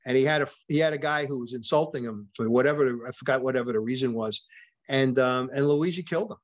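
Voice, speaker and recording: A man's voice: mid-range voice, fast talker. A man, a podcast guest and author, telling a long story in a conversational way, often restarting and repeating words and quoting what people said. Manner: retells events with quoted dialogue.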